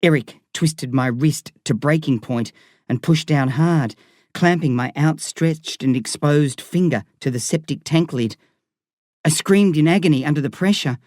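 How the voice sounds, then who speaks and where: A man's voice: fairly high pitch, a little mellow, no room sound. Man narrating an audiobook, dry close sound. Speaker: audiobook reader. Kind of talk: scripted narration.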